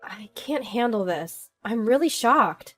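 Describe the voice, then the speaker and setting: A woman's voice: a little high, sing-song, measured pace, soft background music. A woman doing a hurt, weak-voiced young wife. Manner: weak, quiet voice.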